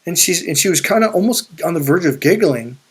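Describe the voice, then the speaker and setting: A man with a fairly high voice for his sex tells a personal story to the camera in a loose, conversational way. He swears freely, repeats himself and restarts his sentences as he goes. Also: animated, fairly quick, breathy edge. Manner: profane, rambling, with frequent restarts. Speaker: spiritual and life coach. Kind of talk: casual storytelling monologue.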